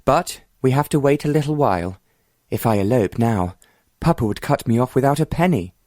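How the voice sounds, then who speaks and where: A man voicing a bold, determined young woman who speaks frankly and confidingly, in a mid-pitched voice with little room sound. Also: animated, normal speed, darkish tone, no echo, clean studio sound, lightly acted.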